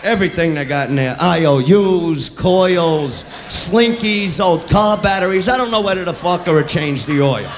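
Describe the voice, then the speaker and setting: A man doing crude stand-up comedy, brash and loud, shouting his punchlines. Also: high voice, animated, moderate pace, few pauses. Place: live comedy club. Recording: echoey club with loud crowd. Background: audience laughter and noise.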